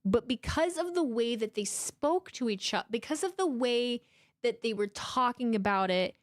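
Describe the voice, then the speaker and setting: Animated woman in her thirties, dry sound. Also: a little high, normal speed, no room sound. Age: 30s. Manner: animated, emotional, swears freely, rambling restarts. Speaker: streamer hosting a live watchalong. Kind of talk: casual live-stream chat.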